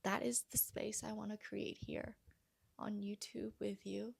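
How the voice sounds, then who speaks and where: A woman coach speaking earnestly and gently to her viewers, often dropping to a soft near-whisper. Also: medium pitch, level tone, a little slow, vocal fry, slightly rough. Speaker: vlogger and healing coach. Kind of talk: heartfelt personal talk to camera.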